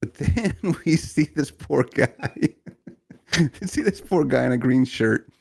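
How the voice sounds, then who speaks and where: A man co-hosting a podcast, telling a family story in casual chat with lots of laughter and animated retellings. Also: unhurried, creaky, slightly rough, no room sound. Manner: animated, mimics people in high voices, laughs often. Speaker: podcast co-host.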